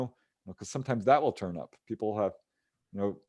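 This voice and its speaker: A man's voice: lowish voice, quick pace, a little mellow. A man, a ufologist guest, recounting a case in casual interview talk, voicing the people he quotes and chuckling as he goes. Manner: recounts cases, acting out quoted voices with chuckles.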